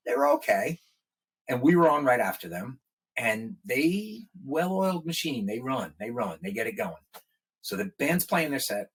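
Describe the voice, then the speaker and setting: This middle-aged man has a mid-range voice with a breathy edge. As a guest musician in a podcast interview, he tells casual stories with animation, voicing quoted people in a raised tone.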